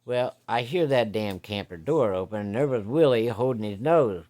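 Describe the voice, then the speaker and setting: A man's voice: mid-range voice, lively intonation, normal speed, dark tone. A man telling a hunting story in a folksy, profane, vivid way. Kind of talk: casual spoken storytelling.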